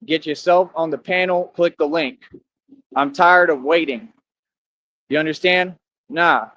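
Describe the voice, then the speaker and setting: A man's voice: a little high, a little slow, bright, forceful tone, lo-fi sound, a little hiss or hum. A man vlogging outdoors, boasting and confronting his viewers in slang-heavy street talk.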